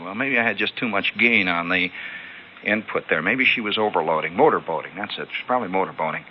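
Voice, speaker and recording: Animated male radio storyteller, lo-fi archive. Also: low-pitched, fast talker, a little hiss or hum. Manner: animated, acts out scenes with sound effects. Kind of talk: comic radio monologue. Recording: dull lo-fi archival radio broadcast.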